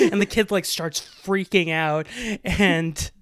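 A young man co-hosting a podcast, swapping stories in easy casual chat. He throws himself into quoted lines. His voice is smooth and clear, and the sound is dry with no room echo. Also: high voice, unhurried, few pauses. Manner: animated storyteller, acts out quotes. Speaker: podcast co-host.

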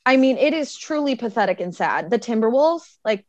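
A woman from Wisconsin, a guest telling lively, animated stories in casual chat. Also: on the high side, brisk, dry recording, highs cut off. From Wisconsin, near the Minnesota border.

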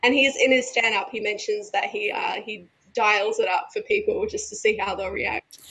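Bright-voiced woman co-host, lively, laughs easily in casual chat. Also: mid-range voice, moderate pace, poor audio. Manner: animated, laughs often while talking. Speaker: podcast co-host.

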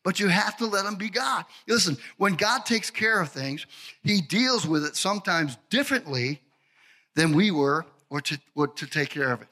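Man pastor preaching, very high voice, bright and sharp, shouts for emphasis, drops low for asides. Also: animated, moderate pace. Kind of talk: sermon.

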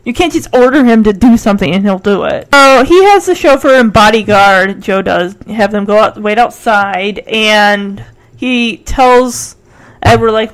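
A woman's voice: mid-range voice, unhurried, low-quality recording. A woman casually retelling a TV episode in a chatty way, leaning on "like" constantly. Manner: chatty, filler-heavy, frequent "like". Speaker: episode recapper.

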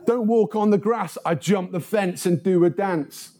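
A man's voice: high-pitched, unhurried, warm tone. A man preaching a sermon, reading scripture and then telling funny stories about himself. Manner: humorous storytelling.

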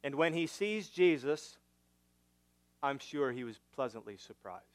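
A male pastor preaching a sermon, teaching through a passage with rhetorical questions, swinging from emphatic to hushed. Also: medium pitch, lively intonation, unhurried, dry recording.

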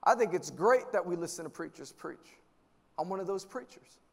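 High-pitched pastor guy from new york, preaching loud and animated, stumbles and repeats words. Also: normal speed, gravelly. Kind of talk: sermon. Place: church service.

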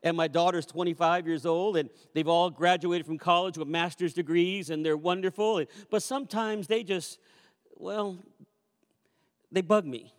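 A pastor in his fifties preaching a sermon, animated, moving between loud calls and quiet asides. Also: sits high. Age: 50s. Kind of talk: sermon with storytelling. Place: church sanctuary. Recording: long reverb of a church hall.

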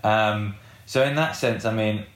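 A man's voice: on the low side, unhurried, slight background noise. A man, a rock guitarist being interviewed, who rambles casually with lots of fillers and swearing. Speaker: guest, rock band guitarist. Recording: roomy echoey room.

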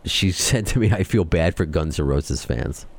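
Excitable New York podcast host. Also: male voice, low voice. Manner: excitable, fast-talking, ranting. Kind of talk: casual chat.

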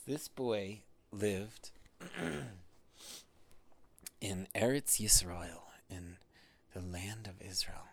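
A man telling a bedtime story to his children in a low, unhurried voice. He talks softly and often drops to a half-whisper, pausing between phrases.

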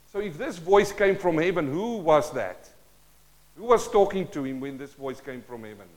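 A man preaching a sermon, reading scripture aloud with loud emphatic bursts and dropping to quiet asides, often thinking aloud and restarting. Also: fairly high pitch, lively intonation, moderate pace. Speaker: pastor.

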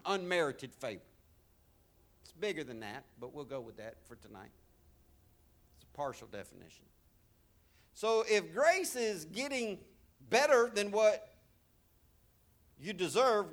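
A man preaching a sermon, swinging between loud, emphatic exhortation and soft, intimate asides, with repeated phrases. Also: fairly high pitch.

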